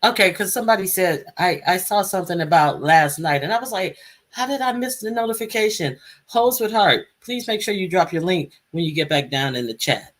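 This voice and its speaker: A woman's voice: fairly low pitch, expressive, a little fast, hardly any pauses. A woman hosting a casual live stream, chatting and calling guests up to speak. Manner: chatty, calls out guests by name.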